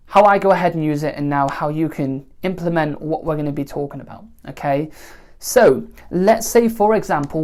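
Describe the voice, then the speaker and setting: A woman teaching songwriting in a relaxed, conversational way, often pausing to check in with the listener. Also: low voice. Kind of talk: spoken songwriting lesson to camera.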